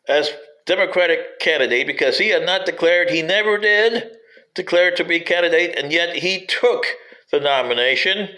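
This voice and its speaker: A man's voice: on the high side, sharp tone, poor audio. A man giving a rambling spoken history commentary, digressive and wry, sometimes addressing politicians directly.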